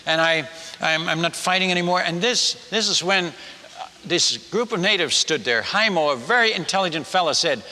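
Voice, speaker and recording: Bright, animated missionary preacher in a hall. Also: male voice, sits high, moderate pace, slight background noise. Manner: animated, self-mocking, with stammered restarts. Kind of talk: sermon storytelling.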